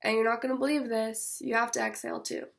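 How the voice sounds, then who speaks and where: Awkward guy trying to calm someone down, read by a woman, flat and gravelly, no ups and downs. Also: on the high side, fast talker. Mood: awkwardly soothing. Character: man questioning a distressed woman, awkward.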